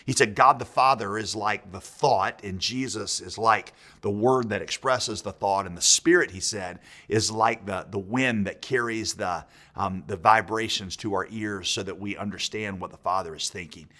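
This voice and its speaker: A man's voice: lowish voice, normal speed, few pauses, bright, forceful tone. A man preaching a sermon in a conversational way, with frequent restarts and rhetorical questions. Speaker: pastor.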